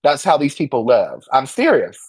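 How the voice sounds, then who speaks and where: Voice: medium pitch, wildly swooping pitch, moderate pace, husky, dry recording, rough recording. Indignant young adult, dry close mic. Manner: emphatic, indignant, swears freely and mocks others in quoted voices. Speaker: interview guest. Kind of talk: candid personal testimony.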